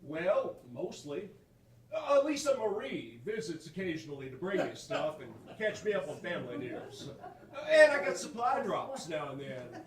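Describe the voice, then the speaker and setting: A man playing an aging rock-and-roll king hiding in the mountains, in a live stage sketch, with a slow drawl that bursts into whoops. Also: fairly high pitch, very animated. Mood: wistful. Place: small community theater stage. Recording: echoey stage voice from far off.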